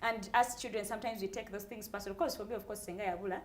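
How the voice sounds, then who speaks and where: A woman's voice: medium pitch, fairly even intonation, rapid-fire. A woman with a Ugandan accent co-hosting a casual panel chat. She tells stories with energy, switches between English and Luganda, and laughs often. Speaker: co-host.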